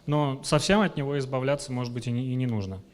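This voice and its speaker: A man's voice: medium pitch, rapid-fire, a little mellow. A man interpreting and summarizing a talk for the audience, with some hesitations. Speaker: co-presenter and interpreter. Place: conference hall.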